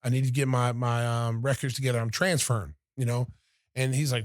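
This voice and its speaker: Animated storytelling man, dry close sound. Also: medium pitch, brisk, no room sound. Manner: animated storyteller, acts out quotes of others. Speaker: podcast host. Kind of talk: casual storytelling chat.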